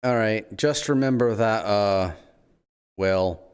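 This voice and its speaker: A man's voice: on the low side, slow pace, clean tone. A man chatting in character during a roleplay, playful and teasing, his voice jumping up when he acts offended. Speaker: roleplay player.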